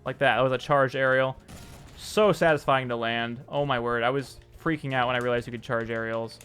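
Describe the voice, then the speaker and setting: A man's voice: medium pitch, steady tone, brisk, fairly bright tone, faint music behind. A man streaming and showing off his own game, chatting in an upbeat way and thanking viewers by name. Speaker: streamer and indie game developer. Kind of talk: casual live-stream commentary.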